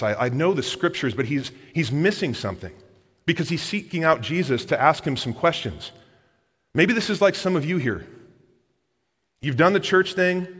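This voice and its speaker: A pastor preaching a sermon, repeating phrases for emphasis and speaking straight to the congregation in a church hall. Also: male voice, a little high, fairly bright tone.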